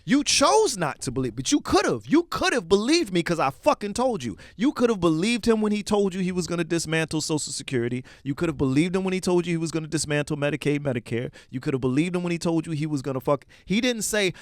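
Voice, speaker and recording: A man co-hosting a podcast, talking in a lively, swinging pitch that sits a bit high. He argues hard and swears freely, piling up rhetorical questions. His voice is dry and close. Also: fast, few pauses, no room sound. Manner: animated, profane, rhetorical. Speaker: podcast co-host. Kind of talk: heated casual discussion.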